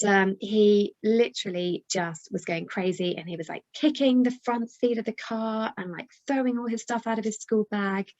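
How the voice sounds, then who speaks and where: A British woman talks parents through her advice in a chatty, encouraging way, speaking directly to her viewers. Her voice sits at an everyday middle pitch. The recording is slightly dull and lo-fi. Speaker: parenting coach. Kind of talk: direct-to-camera parenting talk.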